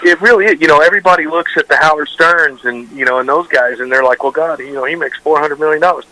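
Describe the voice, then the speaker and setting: Bright-voiced man telling radio anecdotes. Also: on the high side, fast talker, poor audio. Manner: rambling anecdotes with frequent restarts and fillers. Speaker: radio show host, guest. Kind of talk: casual interview storytelling.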